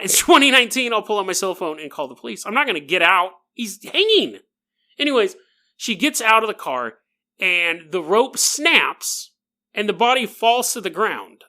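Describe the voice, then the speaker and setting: Guy telling ghost stories on his podcast, jokey, voice jumps all over, bright tone. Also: high-pitched. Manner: jokey, laughing asides, talks straight to the listener. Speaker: podcast host. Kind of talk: comic paranormal storytelling.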